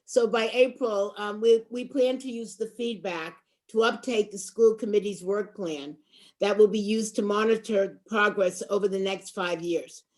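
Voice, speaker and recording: A woman with a Boston accent, a school committee member giving measured, prepared closing remarks at an online public meeting. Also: mid-range voice, steady tone, darkish tone. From Boston, USA.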